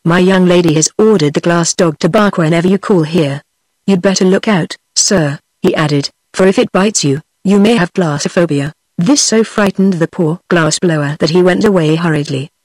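A text-to-speech woman's voice with a British English accent, reading a fairy tale aloud in an even, measured way. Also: fairly low pitch, no room sound, rough recording. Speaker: audiobook narrator.

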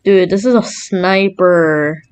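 A woman's voice: lowish voice, takes it slowly, darkish tone, clean tone. A woman commentating her gameplay, blurting out short cries and angry rants. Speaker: gamer.

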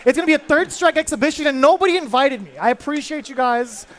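A man doing live fighting game commentary, quick and joking, laughing often. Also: very high voice, lively intonation, a bit bright.

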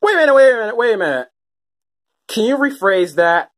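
A woman voicing an impatient male koopa with a lowered, pushy voice in a puppet comedy skit. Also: very animated, a little fast. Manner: demanding, pushy.

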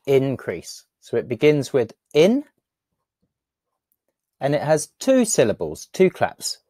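A woman's voice: very deep voice, wildly swooping pitch, slow pace, warm tone, slightly rough, dry recording, studio quality. A woman teaching a word in a patient, playful tutorial, repeating it often for learners. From England. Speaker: speech and language teacher.

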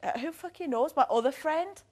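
A woman's voice: sits high, brisk. A woman, a reality-show housemate, chatting casually late at night and telling stories with lots of "like". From England. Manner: chatty, uses "like" a lot, storytelling. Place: indoor house.

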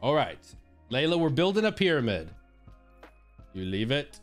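A man's voice: mid-range voice, sing-song, normal speed, soft background music. A man casually chatting on his live stream while playfully coaxing his dogs through a treat trick, laughing often.

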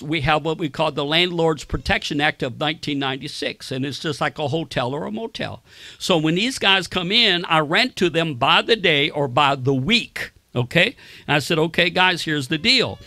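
A man's voice: a little high, moderate pace, pushed and bright, no room sound. A man preaching a sermon, telling personal stories and quoting people in raised voices. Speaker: pastor.

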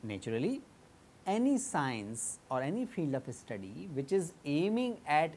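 A woman with a low voice and an Indian English accent delivers an academic lecture. She explains ideas step by step in a measured way. She often pauses on fillers and restarts her sentences. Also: darkish tone.

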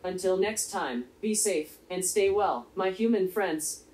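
A monotone synthetic robot voice, female. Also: mid-range voice, unhurried, low-quality recording. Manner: polite, evenly paced, formal phrasing. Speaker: robot reviewer narrating a product review. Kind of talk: scripted review narration.

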